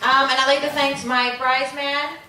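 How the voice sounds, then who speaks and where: A young woman with a high voice gives a heartfelt thank-you speech at her own wedding, filling it with ums and little laughs. She is heard from a distance through a PA in a very echoey reception hall. A crowd of guests murmurs in the background, and there is steady noise. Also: normal speed. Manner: heartfelt, with frequent "um" and small laughs. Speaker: bride giving a wedding speech.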